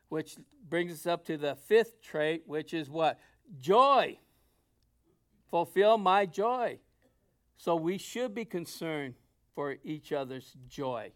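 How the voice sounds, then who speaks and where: A man preaching a sermon to his congregation in a conversational way, dropping to soft asides and rising to loud emphasis. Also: a little high, lively intonation, slow pace. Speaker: pastor.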